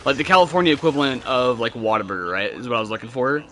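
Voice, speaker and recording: Bright-voiced rambling young gamer guy. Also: medium pitch, rapid-fire, a little hiss or hum. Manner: rambling, profane storytelling with laughs. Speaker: gamer chatting with friends. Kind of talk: casual gaming chat.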